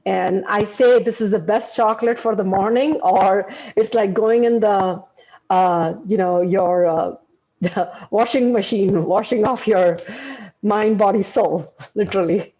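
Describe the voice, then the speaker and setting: A woman guest on a podcast interview, pausing to search for words. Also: mid-range voice, dark tone, dull audio.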